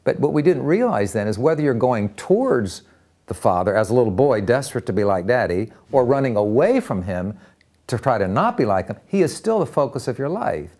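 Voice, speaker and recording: An older American man tells stories with real conviction. His pitch rises and falls in lively swings as he acts out the people in them. His voice sits at an ordinary middle pitch. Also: fairly quick. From United States. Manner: earnest, animated storyteller acting out quoted voices. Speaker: interview guest. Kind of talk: storytelling interview.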